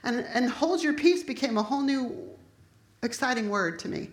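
A woman's voice: a little high, expressive, moderate pace. Impassioned woman preaching in an echoey room. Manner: impassioned, rising to forceful declarations. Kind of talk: sermon.

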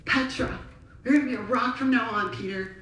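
A woman voicing a calm, patient man who speaks with authority, quoting in a slow, measured way. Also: a little high, lightly acted. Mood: firm. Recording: echoey hall from far off.

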